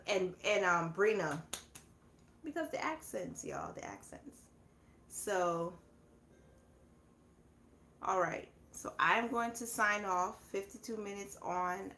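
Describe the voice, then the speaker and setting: In an echoey room with a little background noise, a woman hosts a relaxed live chat, laughing often as she talks casually with viewers. She's from the southern United States, and her voice is medium-pitched and a bit bright.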